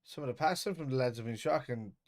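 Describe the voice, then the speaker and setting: A man's voice: medium pitch, fast. A man hosting a live football watch-along, chatting casually and muttering reactions to the game.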